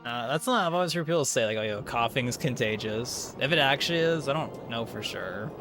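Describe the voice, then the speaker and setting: Over game music, a young man chats while speedrunning on a livestream, his talk rambling and casual, full of fillers and little chuckles. He has a medium-pitched, expressive voice and a brisk delivery.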